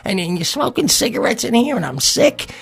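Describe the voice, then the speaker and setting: A man's voice: extremely high pitch, very animated, a little fast, vocal fry, a bit bright, slightly rough, pitched above the performer's own voice, exaggerated voice. A man putting on a raised, ranting voice for a fed-up, swearing landlord in a comedy podcast story. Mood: furious. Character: angry male landlord, fed up.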